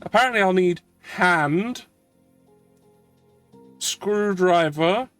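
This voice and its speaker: High-voiced man rambling over gameplay. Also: extremely slow, fairly bright tone, dry recording, faint music behind. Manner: rambling, chatty and self-deprecating. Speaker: streamer. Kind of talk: casual gameplay commentary.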